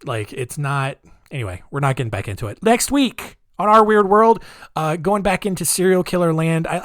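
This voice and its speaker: A man's voice: fairly high pitch, no echo, studio quality. A man hosting a casual solo podcast, talking in a rambling, chatty way with lots of fillers and restarts. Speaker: podcast host.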